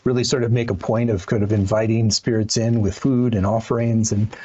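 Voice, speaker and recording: A man's voice: on the low side, steady tone, a little fast, mellow. Man host, dull lo-fi call audio. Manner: reflective, searching, with restarts. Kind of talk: interview questions.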